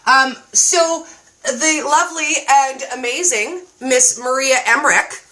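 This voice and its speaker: A woman chatting casually as a guest, an excitable and animated storyteller. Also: high-pitched, slow pace. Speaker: guest cookbook reviewer and keto creator. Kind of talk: casual chat.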